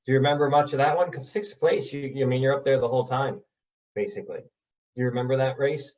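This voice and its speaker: A man's voice: mid-range voice, fast, darkish tone, recorded from a distance, lo-fi sound. A man hosting a casual interview, asking conversational follow-up questions. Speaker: podcast host.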